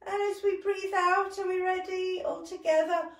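A young British woman leading a gentle seated movement session. She laughs often and talks in an encouraging way. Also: very high voice, flat delivery, normal speed. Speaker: dance and movement workshop leader. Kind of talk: gentle guided exercise session. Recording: echoey room, voice from a distance.

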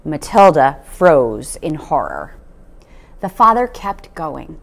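A woman reading a children's novel aloud, with an expressive storytelling manner. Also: sits low, takes it slowly, creaky. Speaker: storybook reader.

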